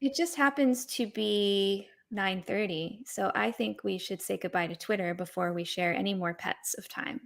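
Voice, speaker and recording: A woman's voice: mid-range voice, moderate pace, creaky, hardly any pauses. A woman with a New England accent, hosting a casual talk show and gushing enthusiastically over pet photos. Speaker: host. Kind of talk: casual chat on a livestream.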